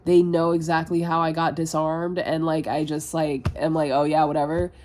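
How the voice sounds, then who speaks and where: A young woman talks through a confessional vlog in a fairly low voice. She rambles and doubts herself out loud, stacking filler words and casual swearing as she goes. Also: level tone, moderate pace. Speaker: vlogger.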